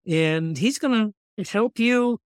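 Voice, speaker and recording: A man who is a guest author, chatting earnestly on a faith podcast and reading scripture slowly. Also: high voice, animated, clean tone, no room sound, clean studio sound. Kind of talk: casual faith podcast chat.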